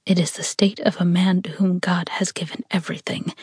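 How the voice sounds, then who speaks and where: A woman's voice: lowish voice, steady tone, normal speed, a little mellow, husky, no echo, studio quality. A woman reading aloud voices a devoted, tormented young man who speaks in earnest murmurs, sometimes half-whispered. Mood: tender.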